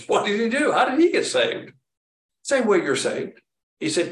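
A man's voice: high voice, big pitch swings, measured pace, long pauses. Man, preacher, sermon, rhetorical questions, echoey room, distant mic. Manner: plainspoken, rhetorical questions, acts out quotes. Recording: roomy echo, distant mic.

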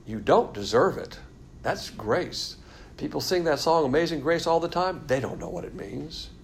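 Gravelly-voiced man teaching a Bible lesson. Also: medium pitch, a little hiss or hum. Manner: explanatory, emphatic, blunt.

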